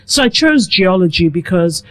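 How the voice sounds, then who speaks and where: A middle-aged woman from Nigeria, a guest telling her life story in a relaxed, reflective way. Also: on the low side, normal speed. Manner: reflective, animated with quoted asides. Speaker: guest, food blogger. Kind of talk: conversational storytelling.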